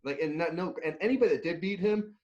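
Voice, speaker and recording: A man's voice: a little high, fast talker, lo-fi sound. A middle-aged man, a nutrition and strength coach, telling stories in a casual interview, laughing and restarting often. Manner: animated, laughing storyteller with many restarts.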